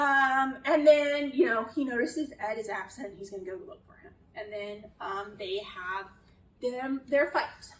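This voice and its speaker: A woman's voice: fairly high pitch, measured pace, reverberant, distant mic, a little hiss or hum, rough recording. A woman chatting casually through a critique of a show, exasperated at times and swearing freely. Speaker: video essayist.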